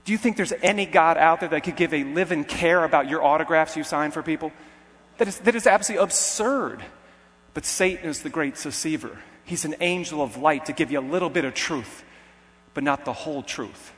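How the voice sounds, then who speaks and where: A male preacher with a somewhat high voice delivers an emphatic sermon. He presses questions directly on his young listeners. His voice rings out with a long hall reverb behind it. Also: fairly quick, a bit bright.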